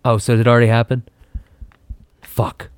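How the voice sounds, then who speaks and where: A young American man co-hosting a casual comedic chat, riffing quickly and laughing often. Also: mid-range voice, dry recording. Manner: animated, joking, quick riffs, frequent laughter. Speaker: podcast co-host.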